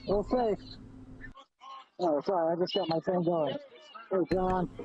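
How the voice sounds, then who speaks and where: A man livestreaming from a street protest, reporting what he sees in a halting, observational way. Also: high voice, fairly even intonation, mellow, dull audio. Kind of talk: on-the-ground live reporting.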